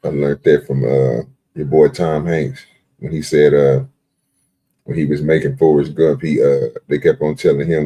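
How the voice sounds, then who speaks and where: A man's voice: rumbling low, little pitch movement, moderate pace, warm tone, slightly rough. A man hosting a live stream, chatting in a laid-back, rambling, slangy way. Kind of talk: casual live stream chat.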